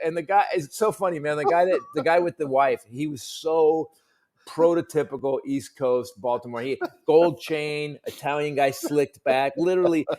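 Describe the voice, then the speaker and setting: A middle-aged comedian on a talk panel tells a profane story with punch, his fairly high voice leaping higher and louder when he acts out the people in it. His delivery is animated and conversational. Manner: profane, punchy anecdote telling. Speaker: comedian guest.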